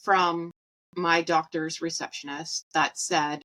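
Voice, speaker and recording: Woman, thirties, podcast host, lowish voice, crisp and bright, blunt and profane. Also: flat delivery, takes it slowly, low-quality recording. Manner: blunt, profane, laughs at her own jokes. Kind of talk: casual storytelling monologue.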